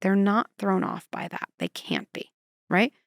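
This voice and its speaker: A woman psychologist speaking as a podcast guest, animated and expressive, slipping into quoted voices to make her points. Her voice sits at a middle pitch with a gravelly, fry-tinged texture. Recorded close and dry. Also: a little slow, no room sound. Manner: animated, acts out quotes and scenarios. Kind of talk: conversational interview.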